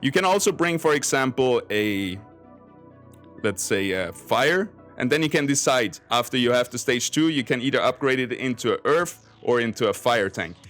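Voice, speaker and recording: Male game-guide host, mid pitch, casual explainer, faint music bed. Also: animated, moderate pace, fairly bright tone. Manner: chatty, explains step by step with 'basically' and 'let's say'. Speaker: game guide creator and streamer. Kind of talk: casual tutorial walkthrough.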